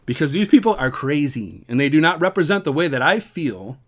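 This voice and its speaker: A man from the United States talks straight to camera in a loose, earnest vlog ramble, often repeating a phrase and letting out a wry laugh. His voice sits a little higher than most men's. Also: very animated, brisk. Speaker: vlogger. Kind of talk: casual spoken commentary to camera.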